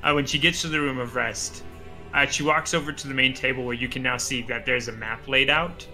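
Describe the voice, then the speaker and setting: A man narrating as game master in a tabletop game, halting, with many fillers. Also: mid-range voice, steady tone, sharp tone, soft background music.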